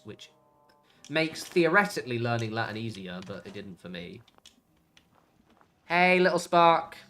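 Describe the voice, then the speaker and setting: A man's voice: on the low side, bright, forceful tone. A young English man streaming a game, chatting casually in a rambling way with lots of fillers and the odd swear word. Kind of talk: casual chat while gaming.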